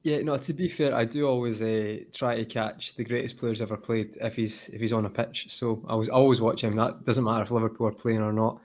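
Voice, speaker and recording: A man on a stream panel chatting casually in a relaxed, rambling way with lots of fillers. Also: mid-range voice, fairly quick, hardly any pauses. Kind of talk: casual chat.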